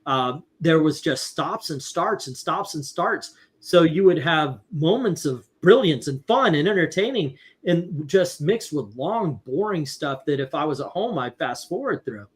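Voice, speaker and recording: A man's voice: on the high side, expressive, unhurried, few pauses. Rambling, profane middle-aged male storyteller. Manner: rambling anecdotes with many restarts, swearing, laughing. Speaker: livestream host. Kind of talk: casual chat, storytelling.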